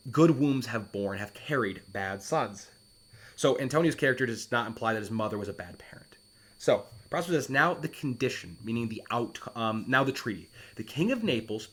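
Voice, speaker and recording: A man's voice: medium pitch, breathy edge. Man explaining Shakespeare verse. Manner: reads quoted verse with lifted, dramatic emphasis, then explains plainly. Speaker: former English teacher explaining Shakespeare. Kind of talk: reading lines and paraphrasing them.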